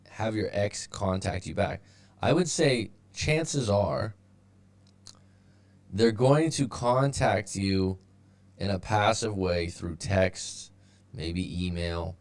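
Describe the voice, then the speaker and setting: A man with a low, gravelly voice gives breakup advice on a casual live stream. He rambles with fillers and restarts, and his audio turns robotic now and then. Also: slow, darkish tone. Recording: sounds robotic at times.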